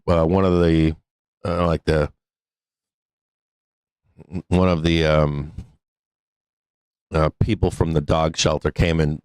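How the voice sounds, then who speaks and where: A man's voice: extremely low pitch, clear, resonant tone, no room sound. A man hosting a live stock trading show, chatting casually, rambling and swearing freely, often breaking into laughter. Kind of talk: casual live-stream talk.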